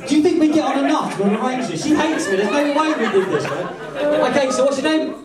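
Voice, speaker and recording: A man performs comedy magic live, talking fast in a fairly high voice and teasing his volunteers cheekily. He is picked up from across a large, echoing hall. An audience murmurs and laughs behind him. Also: very animated, distant mic, over a noisy crowd. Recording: roomy hall, voice from afar, audience noise.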